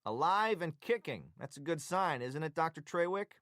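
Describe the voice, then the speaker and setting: A man performs a stern, commanding male boss, pitching above his own natural voice. The delivery is on the high side with lively intonation, a moderate pace, and a fairly bright tone, in a dry, studio-quality recording with no echo.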